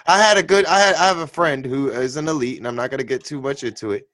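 A man co-hosting a casual podcast chat, telling stories with lively acted-out quotes. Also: medium pitch, fast talker, no room sound. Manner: animated storyteller, acts out quotes loudly. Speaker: podcast co-host.

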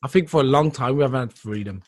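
A man's voice: medium pitch, quick pace, dry recording, studio quality. A man hosting a podcast, making his points in an emphatic, argumentative way. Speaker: podcast host. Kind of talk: casual chat.

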